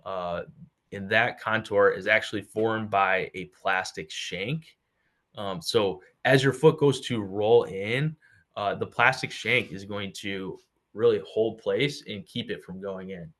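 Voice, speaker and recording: Low-voiced man explaining insoles on a podcast. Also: takes it slowly, a bit bright. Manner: explanatory, many "uh" and "um" fillers. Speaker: podcast co-host explaining products. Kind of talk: casual explanatory chat.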